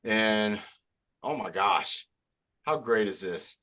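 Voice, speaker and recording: A man's voice: fairly low pitch, slow pace, bright, forceful tone. A male fitness coach leading a live online group workout, upbeat and encouraging as he counts reps aloud.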